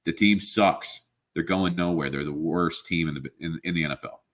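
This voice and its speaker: A man with an extremely deep voice vents angrily about his team, swearing freely in a casual podcast chat. He mentions being sick, and his talk rambles with restarts and exasperated sighs. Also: normal speed, fairly bright tone. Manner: ranting, profane, frustrated. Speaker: podcast co-host.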